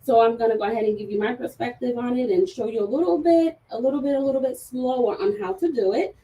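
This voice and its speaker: A woman's voice: a little high, fast talker, mellow, distant mic, dull audio. A woman hosting a casual livestream chat who laughs often and talks with many fillers. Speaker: livestream host.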